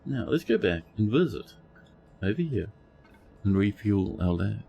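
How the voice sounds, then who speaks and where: Playful, animated male game streamer. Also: on the low side, measured pace, gravelly, long pauses, a little hiss or hum. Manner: playful, chatty, talks to game characters. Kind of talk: live gameplay commentary.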